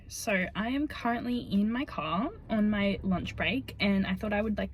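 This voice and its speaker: Breathy, gushing young woman book vlogger. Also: mid-range voice. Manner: chatty and gushing, drifting into soft whispers. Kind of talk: casual reading vlog chat.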